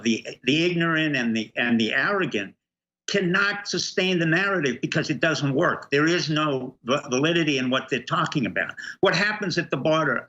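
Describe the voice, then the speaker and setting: A man's voice: fairly high pitch, sharp tone, highs cut off. A middle-aged man, a guest on a political talk show, speaking emphatically and firing off rhetorical questions. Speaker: guest commentator.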